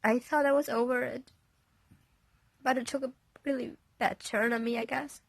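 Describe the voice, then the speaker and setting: A young woman vlogging from a bed, shaken after a panic attack, talking in a halting, apologetic way that often drops to a soft half-whisper. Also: a little high, fairly even intonation, creaky, no room sound. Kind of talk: confessional personal vlog. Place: indoors, on a bed in a bedroom.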